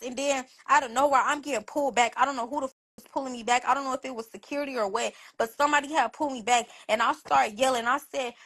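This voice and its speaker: A woman's voice: high voice, quick pace, few pauses. A young woman on a phone livestream, casually telling a story with lots of swearing and acting out every quoted line. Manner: animated, profane, acts out quoted dialogue. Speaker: livestream host. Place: bedroom.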